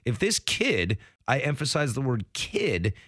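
A man's voice: mid-range voice, sing-song, unhurried, fairly bright tone, breathy edge, no room sound, studio quality. Rambling male sports radio co-host. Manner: rambling storyteller with many fillers; acts out quoted people in his stories. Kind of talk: casual sports radio chat.

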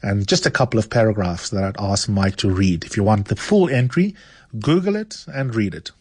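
A man's voice: on the low side, animated, moderate pace, darkish tone, husky, dry recording, clean studio sound. A man hosting a radio literature segment, talking conversationally with hesitant fillers between excerpts. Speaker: radio show host.

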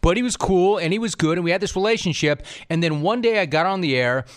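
A man's voice: high voice, lively intonation, quick pace, clean tone. A man hosting a casual sports talk show, wry and conversational, teasing his co-host.

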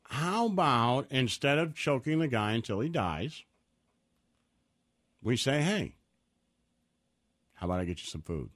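A man's voice: mid-range voice, sing-song, a little slow, pauses often, fairly bright tone. A man co-hosting a casual podcast chat, sarcastic and blunt. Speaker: podcast co-host.

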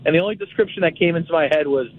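A man calling in to a radio show, talking fast and excitedly. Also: a little high. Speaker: caller. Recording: dry, tinny phone line.

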